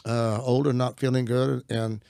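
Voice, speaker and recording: A man's voice: mid-range voice, flat delivery, normal speed, gravelly, a little mellow, clear, resonant tone, dry recording. A middle-aged man, a Christian minister, talking as an interview guest. He tells his stories in an earnest, folksy way and often restarts his sentences. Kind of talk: conversational storytelling.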